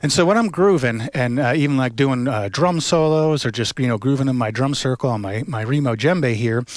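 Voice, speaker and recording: A middle-aged man giving a casual drum lesson as a facilitator, relaxed and full of fillers, chanting rhythm words as he plays. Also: medium pitch, a little fast. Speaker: drum circle facilitator and instructor. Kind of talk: casual instructional talk with chanted drum counts. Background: hand drum playing.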